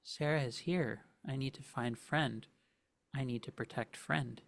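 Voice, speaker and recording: A man's voice: medium pitch, vocal fry. A man doing a confused broken shadow automaton. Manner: halting, broken speech.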